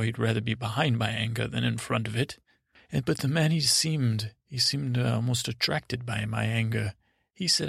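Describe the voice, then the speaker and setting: Male host, rambling sleep-story narrator, gravelly voice, dry close mic, meandering delivery. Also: medium pitch, a bit bright, no echo. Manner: meandering, halting, full of restarts and asides.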